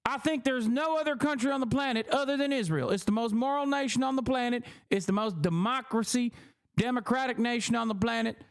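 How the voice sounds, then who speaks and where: A man's voice: very high voice, fairly quick, smooth, voice pushed up. A man mimicking a bombastic Southern senator. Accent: Southern US, put on. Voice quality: bombastic, mocking. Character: blustering hawkish Southern senator man, older.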